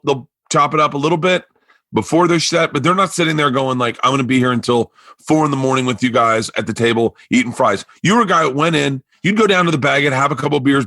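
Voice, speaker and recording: A man's voice: a little high, no room sound. A man from Florida hosting a podcast, telling rambling stories in casual chat and acting out other people's lines. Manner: rambling, animated storyteller who acts out quotes. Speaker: podcast host.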